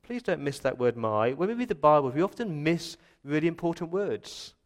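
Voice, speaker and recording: A middle-aged Australian man preaching a sermon as pastor in a church, moving from quiet reflection to loud, impassioned pleading. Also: on the high side, animated, normal speed.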